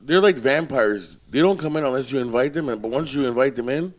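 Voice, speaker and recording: Blunt, profane former bouncer telling stories. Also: male voice, mid-range voice, animated, brisk. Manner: blunt, profane, tells tough-guy stories. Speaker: podcast co-host, former bouncer. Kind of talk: casual storytelling chat.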